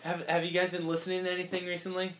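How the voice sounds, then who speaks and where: A man's voice: sits high, monotone, very fast. A young man hosting a casual podcast chat, teasing and bossing his guests. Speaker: podcast host.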